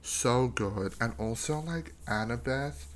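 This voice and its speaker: A man's voice: mid-range voice, slow pace. A young man hosting a casual solo podcast, gushing over books in slangy, filler-heavy talk with plenty of swearing. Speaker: podcast host reviewing books.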